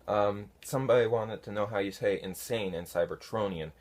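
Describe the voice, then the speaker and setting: A man casually answering viewer comments, unhurried and halting, with many fillers. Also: lowish voice, a little mellow. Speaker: fan conlang vlogger answering comments. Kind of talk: casual talk to camera.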